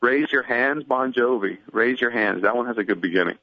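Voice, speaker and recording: A man calling in as a guest, chatting casually and relaxed, often saying "I mean". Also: medium pitch, fairly quick, no echo, muffled recording. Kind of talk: casual phone-in chat.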